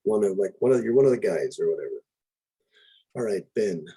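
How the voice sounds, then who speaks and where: Casual volunteer Hebrew teacher, low and a bit gravelly, loose delivery with self-corrections. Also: male voice, brisk, low-quality recording. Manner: relaxed, repeats and corrects himself. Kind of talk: informal grammar and vocabulary lesson.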